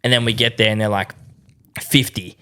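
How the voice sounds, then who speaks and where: A man's voice: on the low side, little pitch movement, very fast, sharp tone, clean tone. A young Australian man co-hosting a podcast, telling travel stories in sweary casual chat and acting out what people said. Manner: sweary storytelling, acts out quotes, laughs often. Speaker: podcast co-host.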